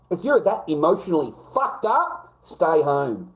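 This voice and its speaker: An Australian man vents in a raw, profanity-laced monologue, his voice sitting a touch high for a man. He keeps breaking into loud, shrill peaks of indignation before dropping back to a grumble. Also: big pitch swings, a little slow, rough recording. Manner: angry, profane, swings into loud high-pitched outbursts. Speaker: vlogger.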